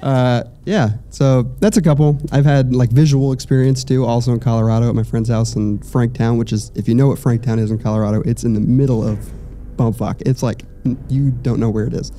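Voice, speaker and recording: A young man tells ghost stories on a live stage, loose and chatty, tossing in casual swearing. His voice sits in a mellow, warm register at an ordinary pitch. Faint noise hums under him. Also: steady tone, brisk. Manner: loose and chatty, swears freely, laughs between lines. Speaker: audience guest telling ghost stories.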